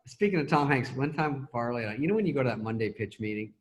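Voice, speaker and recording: A middle-aged man telling stories as a talk show guest over a video call, laughing through them and doing quick impressions of other people. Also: medium pitch, lively intonation. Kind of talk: casual anecdote telling.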